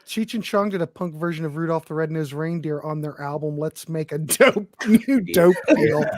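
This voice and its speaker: A panel guest chatting about songs, quick to exclaim and laugh at the others. The voice sits at a middle pitch. It comes through dry and close, with no room sound. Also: dry recording. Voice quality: reactive, exclaims and laughs often. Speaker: panelist on a music talk stream. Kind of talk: casual chat.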